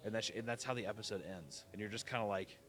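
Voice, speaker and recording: A man's voice: fairly low pitch, fast talker, music in the background. A man giving a casual spoken review of a show, loose and profane, with lots of filler words.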